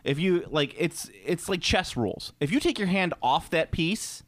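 A man co-hosting a casual podcast, talking in an animated, rambling way with some swearing. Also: on the high side, moderate pace. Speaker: co-host.

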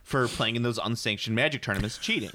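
A man's voice: medium pitch, fast, pushed and bright. A man in casual podcast chat, ranting with lots of swearing and acting out quotes in silly voices. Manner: profane, ranting, acts out quotes in funny voices.

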